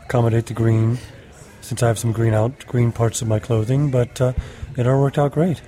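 Medium in pitch and level in tone, this man's mellow voice moves at a moderate pace. In casual behind-the-scenes talk on an indoor green-screen stage, he answers questions about his acting role hesitantly, filling gaps with lots of filler sounds.

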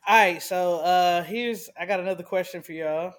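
A man's voice: sits high, moderate pace. A man in a casual chat, easygoing and asking the group questions.

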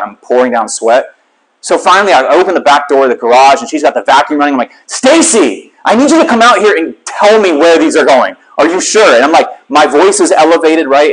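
A man's voice: fairly high pitch, poor audio. Candid man telling a story. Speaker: lay teacher. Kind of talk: storytelling sermon.

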